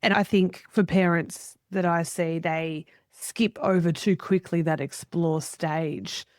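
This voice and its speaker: A woman's voice: lowish voice, steady tone, takes it slowly, dry recording, clean studio sound. Affirming woman podcast host. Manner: warmly affirming, conversational. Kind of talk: podcast conversation.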